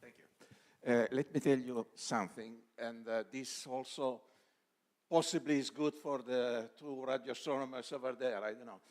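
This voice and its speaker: A man's voice: mid-range voice, fairly even intonation, moderate pace, a little mellow. A man from the audience who starts telling a story in a conversational way.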